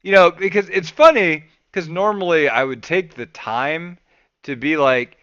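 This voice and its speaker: A man hosting a podcast, telling a casual story with lots of swearing and loud re-enactments of his own rants. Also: on the high side, measured pace, smooth, no echo. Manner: animated, swears freely, voices his past rants loudly. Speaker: podcast host.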